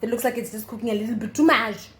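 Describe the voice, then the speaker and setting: A woman's voice: on the high side, fast talker, a little hiss or hum. Chatty young woman narrating her baking. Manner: chatty, explains steps with fillers and laughs. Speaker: vlogger. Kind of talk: casual baking vlog narration.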